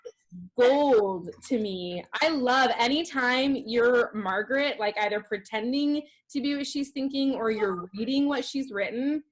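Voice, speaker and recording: A woman guest on a video call, talking casually, earnest and emphatic, and speeding up when excited. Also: on the high side, a little slow. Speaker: podcast listener guest. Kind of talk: casual chat.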